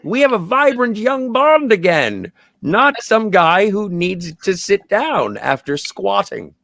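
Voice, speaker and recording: A man's voice: high voice, very animated, slow pace, creaky, a bit bright, no echo, clean studio sound. A man co-hosting a podcast, talking about films in an enthusiastic, rambling way full of "like". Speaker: podcast co-host. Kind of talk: casual movie chat.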